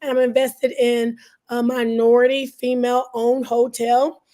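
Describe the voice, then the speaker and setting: A woman's voice: fairly high pitch, little pitch movement, a little slow, warm tone. A woman from the Southern US, a guest speaking over a video call, her voice scratchy and partly worn out. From Southern US (Alabama, Georgia). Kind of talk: interview answers.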